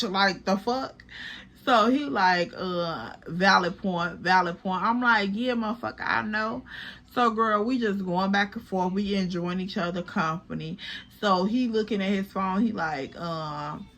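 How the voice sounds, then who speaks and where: Young woman, bright animated storyteller voice, vlog storytime. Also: medium pitch. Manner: animated, chatty, profane, addresses viewers as girl. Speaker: storytime vlogger. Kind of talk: casual storytelling.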